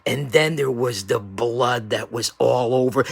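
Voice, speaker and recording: Gravelly, theatrical hype-promo man. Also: medium pitch, a little slow, few pauses, dry recording. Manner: theatrical, swinging from yelling to hushed threats. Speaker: show host. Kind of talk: wrestling-style hype promo.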